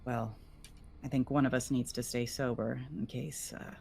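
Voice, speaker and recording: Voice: mid-range voice, steady tone, normal speed, creaky, darkish tone, slight background noise, close to an everyday voice. A player voicing a blunt female ship doctor who speaks in a curt, resigned way.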